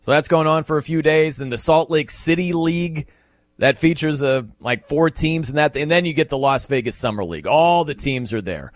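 A man talking sports on the radio in a casual, loose way. His voice sits a bit higher than most men's and sounds dry and close to the mic. He keeps breaking into lively acted-out reactions that jump up in pitch. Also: normal speed, no room sound. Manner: animated, acts out quoted reactions in bursts. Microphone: studio microphone.

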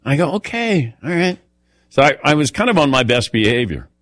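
A man of middle pitch hosts a talk radio show, chatty and anecdotal. His voice is close and dry, with no room around it. He tosses the talk to his co-hosts often. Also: lively intonation, fast, fairly bright tone, no echo. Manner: chatty storyteller, calls on co-hosts by name. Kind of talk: casual radio show chat.

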